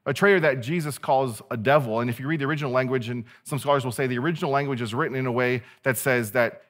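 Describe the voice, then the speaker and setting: A male pastor delivering a sermon in a lively, conversational way. He jokes with his listeners and acts out the people in the story. His voice sits at a middle pitch for a man. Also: quick pace. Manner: animated, conversational preaching with playful asides.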